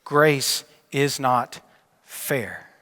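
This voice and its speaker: A male pastor preaching a sermon and telling a story, his delivery dropping from emphatic to hushed. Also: medium pitch, extremely slow. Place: church sanctuary. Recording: long church reverb.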